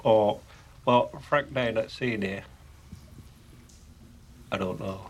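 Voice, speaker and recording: A man's voice: lowish voice, slow, a little hiss or hum. A man playing his character in a tabletop game, talking in a folksy, chatty way with loose grammar. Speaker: player. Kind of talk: in-character tabletop role-play.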